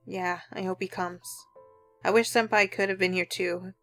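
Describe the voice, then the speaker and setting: Playing through a visual novel as a let's play narrator, a woman reads the first-person narration aloud in an earnest, heartfelt way. Her voice is fairly low and fairly bright in tone, with fairly even intonation at normal speed, and faint music plays behind her.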